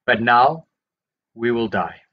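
A man reads scripture aloud at an even, unhurried pace, in a middle-pitched voice. The recording sounds a little dull and muffled. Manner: measured, steady reading voice. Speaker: Bible reader. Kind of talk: scripture reading.

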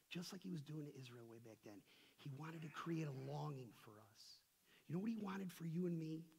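A man preaching a sermon as pastor. He is emphatic and swings between loud, forceful passages and quiet, confiding ones. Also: sits high, gravelly, slightly rough. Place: church sanctuary.

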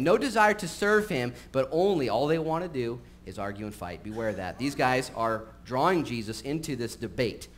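A male pastor with a medium-pitched voice gives a sermon at a church service recorded live, with faint background noise from a live stream. He's conversational and humorous, moving from casual, joking asides into earnest, emphatic points.

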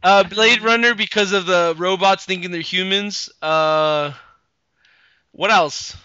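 A young man hosting a casual gaming podcast, joking around and swearing freely. His voice is high and very bright. It comes through a dry, slightly dull mic with no room sound. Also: fairly even intonation, slow pace, smooth, no echo. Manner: loose, jokey, swears a lot, trails off and restarts. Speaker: podcast host.

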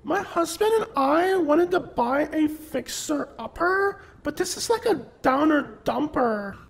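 A man's voice: extremely high pitch, lively intonation, measured pace, creaky, voice pushed up, full character voice. A man doing a letdown California wife. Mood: disappointed. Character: disappointed middle-aged wife from California.

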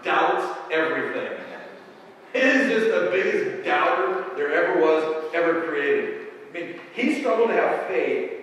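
A man preaching with a lively, joking delivery. His voice sits a little high and rings through a big, echoey church hall, picked up from far off. A faint room hum stays underneath. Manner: animated, joking, acts out quoted voices. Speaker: pastor. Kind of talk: sermon. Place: church sanctuary.

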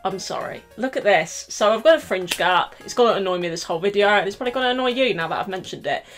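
A woman's voice: mid-range voice, expressive, quick pace, faint music behind. A young woman from the UK, a bubbly, self-mocking vlogger chatting casually through an unboxing, a little out of breath. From United Kingdom. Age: young adult. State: slightly out of breath.

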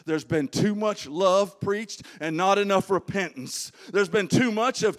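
A pastor preaches with a notably high-pitched voice. He sinks to quiet, low phrases for scripture, then climbs into loud, shouted exhortation to his congregation. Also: moderate pace, few pauses. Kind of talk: sermon.

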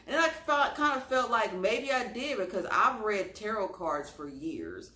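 A man telling an emotional personal story on his channel in an expressive, sassy way, calling listeners honey. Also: high voice, measured pace, hardly any pauses. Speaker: storytime YouTuber. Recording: roomy echo.

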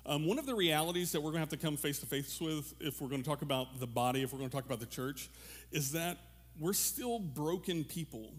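A pastor giving a relaxed, conversational sermon to his congregation, joking with them and restarting his sentences often. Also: a little high, fairly quick, slightly rough. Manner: casual, animated, joking, many fillers and restarts. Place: church room with a congregation.

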